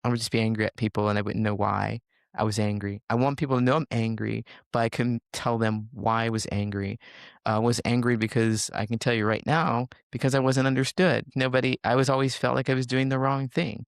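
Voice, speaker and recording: A man, a coach, talking reflectively in a podcast interview and sometimes acting out inner thoughts in a higher voice. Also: level tone, fairly quick, vocal fry, clear, resonant tone, no room sound, clean studio sound. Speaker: social connections coach.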